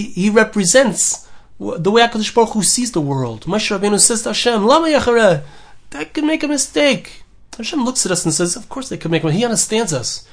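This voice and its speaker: A man giving an earnest podcast sermon, full of rhetorical questions and repeated phrases. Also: high voice. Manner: earnest, repetitive, rhetorical questions, acts out quoted voices. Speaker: rabbi giving a Torah talk.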